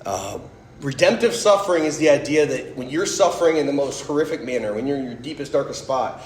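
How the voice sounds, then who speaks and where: A man in his thirties gives a personal faith testimony to a live audience in a casual, storytelling way, leaning on "like" and "right?" as he goes. His voice sits at a middle pitch. The room rings with echo, and a faint hum of ambience sits behind him. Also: expressive, a little fast. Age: 30s. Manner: conversational, storytelling, frequent "like" and "right?". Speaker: speaker giving a faith talk.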